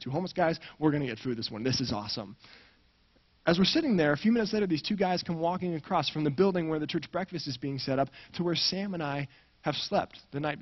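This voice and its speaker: A man's voice: fairly high pitch, dull audio. A man preaching a sermon, telling a personal story and acting out the dialogue with energy.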